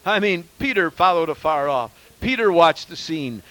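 High-voiced emphatic male preacher. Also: lively intonation, moderate pace, dry recording, rough recording. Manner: emphatic preaching, swings from loud exclamations to quiet asides. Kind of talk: sermon.

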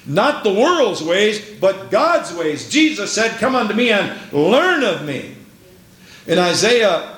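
A man's voice: high voice, fairly bright tone. Fervent preacher man in an echoing hall. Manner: fervent, repeats phrases, calls out amen and praise the Lord. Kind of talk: sermon. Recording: very echoey hall with faint hiss.

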